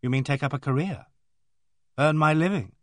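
A man's voice: on the high side, normal speed, dry recording, close to an everyday voice. A man reading aloud and voicing a sullen, awkward teenage girl who talks bluntly and gloomily. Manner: blunt, gloomy, bursts into bitter outbursts.

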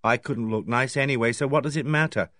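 A man's voice: medium pitch, a little fast, a bit bright, no echo, clean studio sound, close to an everyday voice. A man reading aloud and voicing an awkward, artless young woman who speaks in a guileless, offhand way.

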